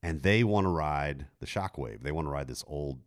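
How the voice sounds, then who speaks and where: Middle-aged man, very low voice, lively storytelling, casual chat. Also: moderate pace. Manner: animated storyteller, jumps high to quote a woman. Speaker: podcast co-host telling a story.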